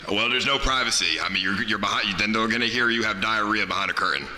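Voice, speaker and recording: A man hosting a stream challenge, explaining its rules in a deadpan, matter-of-fact teasing way. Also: on the low side, fast talker, reverberant, long reverb tail, faint music behind, poor audio. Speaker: stream host running a prison challenge. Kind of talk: casual stream chat.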